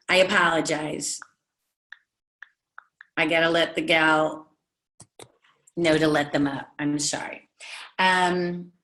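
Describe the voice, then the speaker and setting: A woman's voice: lowish voice, a bit bright. A woman giving a leadership coaching lesson to a group, emphatic and repeating key phrases while asking them questions. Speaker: network marketing leadership trainer. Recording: echoey room.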